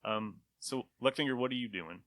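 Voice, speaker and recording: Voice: mid-range voice, fairly quick, a bit bright. A game master narrating a tabletop game, laughing often and acting out side characters.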